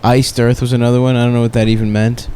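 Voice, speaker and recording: A man's voice: medium pitch, flat delivery, fast talker, dark tone, slight background noise. Giggly man telling crude stories. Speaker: podcast co-host. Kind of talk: casual comedic banter.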